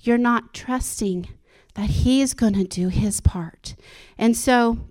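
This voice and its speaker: Her voice runs fairly high and a touch mellow, and she talks slowly. She is a woman giving her congregation a casual, sincere devotional, laughing often and beginning her sentences again.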